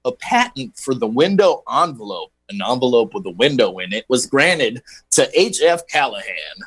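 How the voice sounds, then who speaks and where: A man's voice: mid-range voice, big pitch swings, moderate pace, a bit bright, husky, poor audio. A man on a radio show reading history items for the day, with playful puns and banter. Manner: punning, playful.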